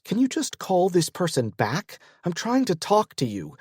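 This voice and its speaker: A man's voice: high voice, huge pitch swings, unhurried, darkish tone, slightly rough, no echo, clean studio sound, pitched above the performer's own voice, heavily acted. A man voicing an exasperated pregnant woman, his estranged wife, speaking sternly and impatiently in an audiobook.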